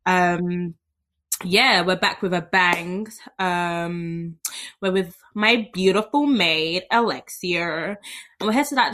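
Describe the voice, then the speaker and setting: A woman's voice: medium pitch, fairly bright tone. A young woman hosting a podcast, chatting in a bubbly, teasing, playful way. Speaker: podcast host. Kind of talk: casual chat.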